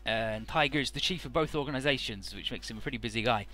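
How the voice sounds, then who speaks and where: A young man talks through a video game's story in a loose, rambling way, full of uhs and irreverent asides. His voice is bright and mid-pitched. Faint game music plays underneath. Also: fast. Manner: rambling, irreverent, many fillers. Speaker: let's play narrator. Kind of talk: casual game story recap.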